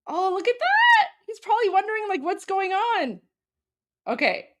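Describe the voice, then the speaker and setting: High, excitable woman host. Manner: excitable, gasping, quick bursts of delight. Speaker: livestream host. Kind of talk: live reaction commentary.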